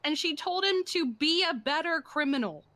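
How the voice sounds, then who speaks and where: A woman streamer chatting in character during a roleplay game, ranting in an animated, exasperated way. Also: high-pitched, normal speed, no echo.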